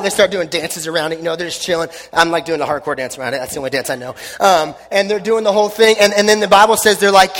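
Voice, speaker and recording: A man preaching a sermon and telling the story in an animated, joking way. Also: sits high, fast talker, few pauses, long reverb tail. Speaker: pastor.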